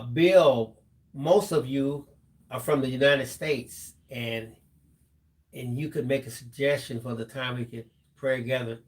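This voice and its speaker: Man, middle-aged, live-stream co-host, reads chat aloud, easygoing, reflective, mid pitch.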